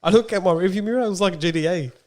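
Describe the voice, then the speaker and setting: An animated young man tells a story on a casual podcast. His voice sits a little high, and he laughs as he acts out quotes. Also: rapid-fire. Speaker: podcast co-host.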